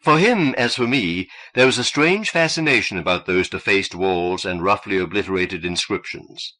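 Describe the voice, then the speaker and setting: A man's voice: deep voice, lively intonation, moderate pace, bright, forceful tone. A man reading an audiobook and voicing a male antiquities inspector who speaks in a plain, reflective way.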